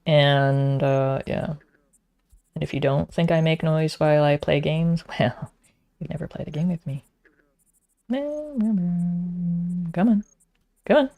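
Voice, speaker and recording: A woman's voice: sits low, fairly even intonation, normal speed, creaky, warm tone, smooth, muffled recording. A woman, talking to herself while streaming a frustrating game, muttering and sometimes whispering. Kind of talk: casual gameplay commentary.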